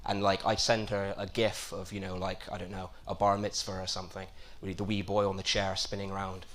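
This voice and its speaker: A man with a Bristol accent doing a stand-up comedy set, with a deadpan, self-mocking delivery and quick asides. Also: low-pitched. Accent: Bristol English. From Bristol, England. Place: comedy club stage.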